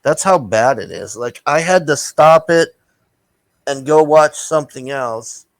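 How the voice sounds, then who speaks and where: A man's voice: a little high, expressive, measured pace, no echo, poor audio. A man giving a casual, rambling movie review, blunt and profane, with lots of fillers and restarts. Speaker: vlogger reviewing a film.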